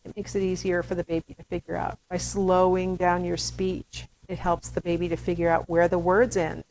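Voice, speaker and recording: A woman's voice: lowish voice, level tone, normal speed, darkish tone, a little hiss or hum, poor audio. A woman giving a recorded lecture to students in a chatty style, with playful asides. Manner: acts out baby talk in demonstrations. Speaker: university lecturer.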